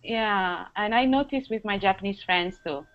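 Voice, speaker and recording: A woman's voice: mid-range voice, moderate pace, slight background noise. A woman hosting a casual online chat, switching between English and Japanese. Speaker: host. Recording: dull lo-fi sound.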